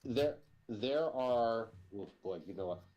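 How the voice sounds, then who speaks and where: A man co-hosting a casual livestream podcast, speaking in a measured, wry way with chuckles. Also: medium pitch, expressive, mellow, dull audio. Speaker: podcast co-host.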